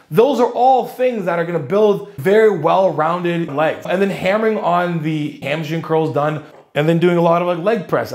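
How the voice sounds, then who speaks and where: High-voiced, slangy fitness coach. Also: male voice. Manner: energetic, slangy, thinking aloud. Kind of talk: casual commentary.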